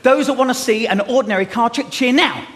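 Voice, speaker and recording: A man doing a magic act on a theatre stage, bantering cheekily and loudly with the audience. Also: very high-pitched, fairly quick. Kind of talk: comic stage patter with audience. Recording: live theatre with loud crowd and noise.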